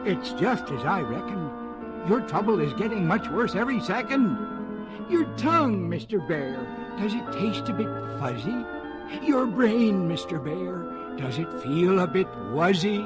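A sly little rabbit coaxes and fakes sympathy in a light, high, sing-song voice, as a man voices him. He takes his time over each word, with music playing behind. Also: big pitch swings, measured pace. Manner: mock-sorrowful, coaxing and sly. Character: small clever male rabbit, sly and calm. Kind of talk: storybook reading.

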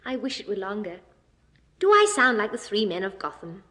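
A woman's voice: mid-range voice, sing-song, a little fast, bright, forceful tone. A woman co-presenting for children, singing and reciting nursery rhymes in a playful sing-song.

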